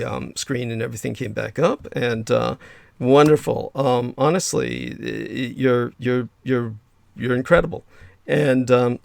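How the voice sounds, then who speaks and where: A man's voice: medium pitch, gravelly, no room sound. A man hosting a casual livestream, effusive and rambling with many fillers, reading chat messages aloud. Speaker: livestream host.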